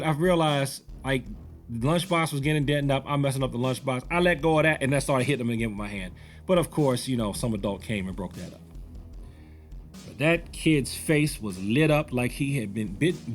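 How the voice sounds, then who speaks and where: A man in his forties, a martial arts instructor, telling a personal story in a conversational, rambling way. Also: mid-range voice. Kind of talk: storytelling commentary.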